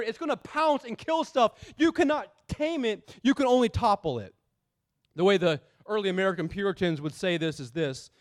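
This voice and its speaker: Guy preaching, pretty high voice, chatty, repeats lines for punch. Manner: conversational, emphatic repetition. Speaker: pastor. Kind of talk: sermon.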